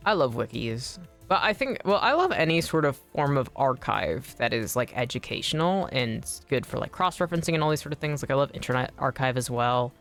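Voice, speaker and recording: A young woman streams a game in a low, casual voice. She rambles and swears easily, and her pitch swings widely. Faint background music plays under her chat. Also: lively intonation, fairly quick, few pauses, a bit bright.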